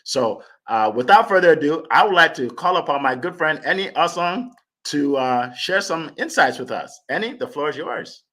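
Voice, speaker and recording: A man's voice: a little high, lively intonation, normal speed, sharp tone. A man hosting an online meetup over a video call, upbeat and chatty, repeating his phrases as he introduces speakers. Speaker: host.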